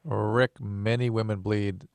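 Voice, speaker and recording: A man with a lowish, gravelly voice gives plain, calm explanations to a caller on late-night radio. He sounds matter-of-fact and patient. The voice is dry and close to the studio mic. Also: slow pace, no room sound. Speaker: radio show co-host giving medical advice. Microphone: studio microphone.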